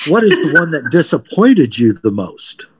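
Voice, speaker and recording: A man's voice: on the high side, very animated, moderate pace, a bit bright, a little hiss or hum. A man co-hosting a casual podcast and throwing in teasing jokes. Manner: joking, teasing quips. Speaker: podcast co-host.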